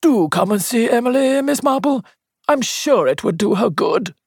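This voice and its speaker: A woman's voice: a little high, lively intonation, normal speed, darkish tone, slightly rough, dry recording, studio quality, pitched above the performer's own voice. A woman reader voicing a self-important, gossiping older spinster who disapproves of her neighbours. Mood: gossipy, self-important.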